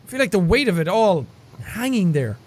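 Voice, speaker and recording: A man doing a jumpy young woman who sounds high and breathless with drama. Her pitch climbs and lurches wildly from line to line. She is anxious and easily spooked, like a character voiced for a story game. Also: sing-song, a little fast. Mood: wistful. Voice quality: high, swooping and overwrought. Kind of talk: reading game dialogue aloud.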